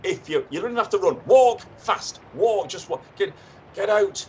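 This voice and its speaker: An actor playing an excitable, rambling male radio talk show host in a comedy sketch, speaking from a radio studio. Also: mid-range voice, moderate pace, slight background noise, close to an everyday voice, rough recording. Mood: urging.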